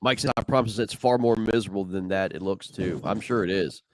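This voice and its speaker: A man's voice: fairly low pitch, fairly quick, background noise. A man doing casual live commentary on a tournament stream, a laid-back storyteller who keeps saying "man" and "like".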